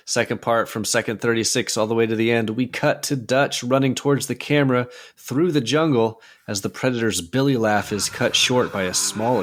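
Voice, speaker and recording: A man hosting a casual movie podcast, chatting in a relaxed, easygoing way and reading out scene descriptions. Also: medium pitch. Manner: relaxed, easygoing, trails off with fillers. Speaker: podcast host.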